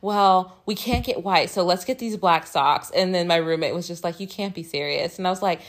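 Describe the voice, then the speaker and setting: A woman's voice: on the low side, moderate pace. A young woman co-hosting a podcast, talking frankly and profanely and laughing often. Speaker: podcast co-host. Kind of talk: casual chat.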